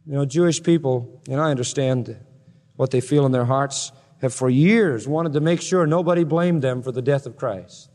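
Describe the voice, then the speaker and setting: A man preaching an expository sermon, swinging from loud proclamation to hushed emphasis. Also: medium pitch, normal speed. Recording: long hall reverb.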